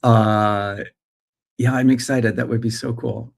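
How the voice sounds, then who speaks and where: A man in his forties from Australia hosts a live chat, reading viewer comments with many fillers. He speaks with an American accent that still carries Australian traces, in a mid-range, creaky voice with a steady tone and slow pace.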